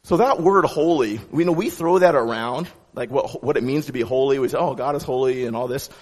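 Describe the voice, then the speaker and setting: A man giving a sermon as pastor, with a conversational, animated delivery and frequent restarts. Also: medium pitch, brisk, long reverb tail.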